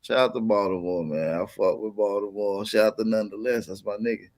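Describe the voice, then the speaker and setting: A man's voice: lowish voice, fairly even intonation, a little fast, darkish tone. A man hosting a casual livestream, talking in slang, greeting chat viewers and plugging merch over and over. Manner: plugs merch with repeated calls to shop. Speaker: livestream host.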